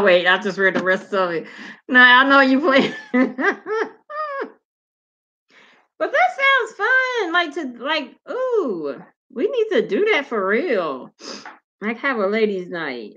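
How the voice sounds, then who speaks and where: A woman's voice: mid-range voice, sing-song, normal speed, pushed and bright, dull audio. Candid slangy woman chatting on her stream. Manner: loose, slangy and candid, with frequent swearing. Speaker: host of her own talk channel. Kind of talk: casual livestream chat reading viewer comments.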